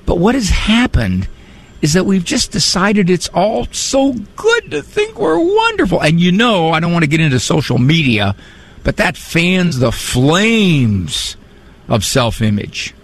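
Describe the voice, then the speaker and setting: A man's voice: high voice, huge pitch swings, unhurried. A middle-aged man hosting a call-in radio show, talking in a conversational, wry way with preachy asides. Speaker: radio call-in host and psychologist. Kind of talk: talk-radio monologue.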